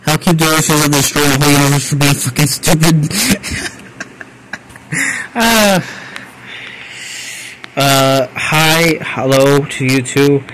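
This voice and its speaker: A young man hosting a livestream, reading viewer confessions aloud and reacting with loud exasperated swearing. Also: on the high side, slow, long pauses, slight background noise, rough recording. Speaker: streamer host.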